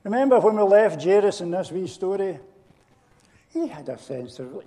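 A man preaching a sermon, retelling a story and speaking directly to his congregation in an animated way. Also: high-pitched, normal speed. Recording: long hall reverb.

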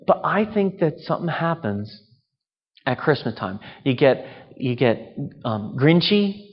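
Pastor preaching in a reverberant hall. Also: male voice, mid-range voice, very animated, a little slow. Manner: conversational, asks rhetorical questions. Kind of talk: sermon at communion. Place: church. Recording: dull reverberant hall sound.

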